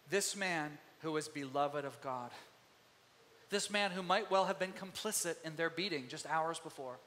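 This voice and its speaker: A man preaching a sermon as pastor, lively and conversational, acting out the voices of biblical figures. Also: a little high. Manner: animated, acts out biblical voices. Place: church sanctuary. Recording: long hall reverb.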